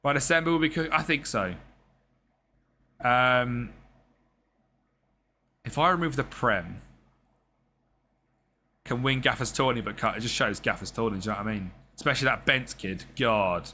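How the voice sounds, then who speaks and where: A young man giving loose live commentary over a football management game, his voice bright and forceful. He chats with viewers, reads their messages and swears casually, with faint noise behind him. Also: mid-range voice, normal speed, long pauses. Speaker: streamer.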